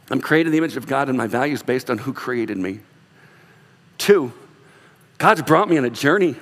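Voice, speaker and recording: A man, a pastor with young sons, preaching an animated sermon to his congregation and acting out quoted voices. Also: on the high side. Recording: long reverb of a large hall.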